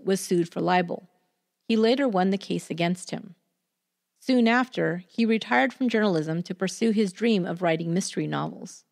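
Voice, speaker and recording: Gravelly woman narrating true crime. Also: lowish voice, darkish tone. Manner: measured, deliberate storytelling. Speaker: true crime podcast host.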